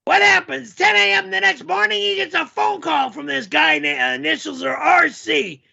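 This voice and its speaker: Casting: a man doing a shrill, gravelly, bright, yelling male storyteller character, crude and rambling, dull lo-fi stream audio. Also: normal speed, heavily acted.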